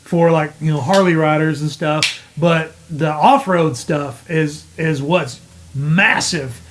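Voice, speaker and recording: A man's voice: on the high side, fairly even intonation, takes it slowly, background noise. A man rambling through stories in a casual podcast chat. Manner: rambling, laid-back storyteller. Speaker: podcast host.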